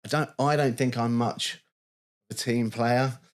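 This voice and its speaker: A podcast co-host with a mid-range, steady voice talks at a measured pace. His casual chat is enthusiastic, and he often restarts sentences and repeats words.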